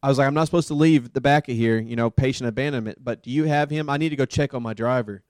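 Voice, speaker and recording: A man casually telling a long work story, rambling with fillers and getting animated as he acts out what people said. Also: medium pitch, fast, dry recording, studio quality.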